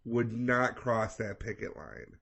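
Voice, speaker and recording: A man's voice: medium pitch, takes it slowly, vocal fry, slightly rough. A man co-hosting a podcast, telling a long story casually and animatedly, acting out the people in it with plenty of swearing. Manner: animated storyteller, acts out quoted people, profane. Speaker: podcast co-host.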